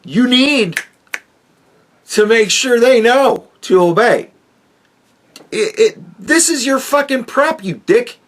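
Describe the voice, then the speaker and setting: A man's voice: extremely high pitch, lively intonation, slow pace, pauses often, a bit bright. A man hosting a podcast, ranting crudely and mockingly with heavy swearing as he reacts to a clip. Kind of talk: profane ranting commentary.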